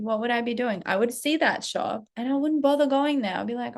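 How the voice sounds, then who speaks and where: A woman telling a casual story in a vlog, animated and swearing constantly as she acts out her own reactions. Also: a little high, a little fast, gravelly, few pauses. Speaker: vlogger, self-leadership coach. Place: Paris.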